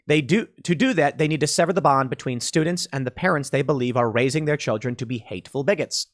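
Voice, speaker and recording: A man from Chicago, likely in his thirties, hosts a solo political commentary segment. He talks in a loose, conversational way, often restarting his sentences. His voice sits at an average pitch for a man. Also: fast. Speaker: commentary show host.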